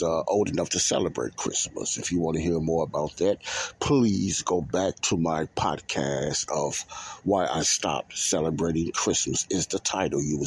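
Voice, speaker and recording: Deep, husky-voiced male podcast host. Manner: rambling, repeats himself, frequent "uh" and "you know". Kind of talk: casual religious podcast monologue.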